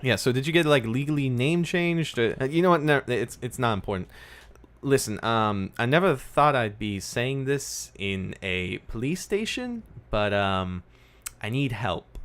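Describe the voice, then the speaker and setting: A man voicing a tough but uneasy young woman who talks in halting, hesitant bursts. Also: mid-range voice, animated, a bit bright, voice pushed up.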